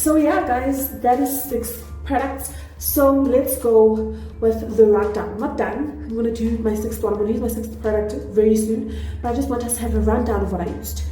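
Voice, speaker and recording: A South African beauty vlogger puts on an exaggerated Nigerian accent while walking through a makeup tutorial, chatty, excitable and quick to joke at her own expense. Her voice is slightly high yet mellow and warm. The room is echoey, with faint music playing underneath.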